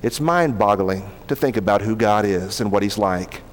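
A male pastor preaching a sermon, reading scripture aloud and slowing down to stress key words. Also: lowish voice, long reverb tail.

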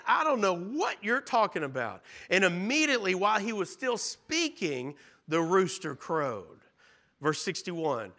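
A male pastor preaching with a high, bright, forceful voice. He retells scripture earnestly, rising to loud emphasis and dropping to hushed tones. The delivery is sermon-style throughout.

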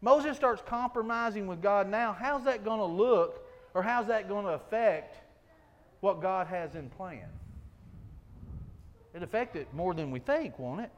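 A man's voice: high-pitched, lively intonation, a little slow, a little hiss or hum. A man preaching a sermon in an earnest, folksy way, full of rhetorical questions.

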